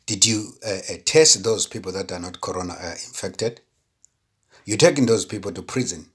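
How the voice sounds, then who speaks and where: A man's voice: low voice, moderate pace, fairly bright tone, husky. A man giving an impassioned opinion monologue, indignant and full of rhetorical questions, stumbling over repeated words when heated. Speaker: political commentator.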